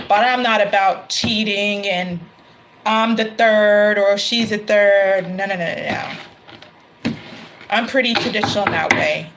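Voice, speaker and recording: A woman gives a casual tarot reading in a mid-range voice. She talks in a chatty, loose way, laughing often and correcting herself mid-sentence. Card shuffling and clicks can be heard clearly behind her. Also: medium pitch, noisy background. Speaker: tarot reader.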